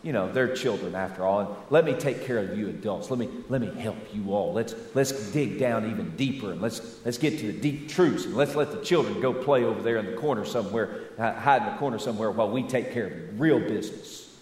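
A Southern American pastor putting on a sarcastic, mock-soothing voice for an imagined Jesus who brushes children aside. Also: male voice, fairly low pitch, a little fast, hardly any pauses, darkish tone, voice pushed down, natural voice. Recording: echoey church hall.

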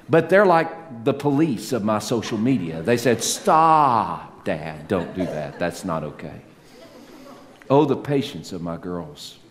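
A middle-aged man preaching a sermon, animated, swinging between loud peaks and soft low asides, with self-mocking humor. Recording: long hall reverb, faint ambience.

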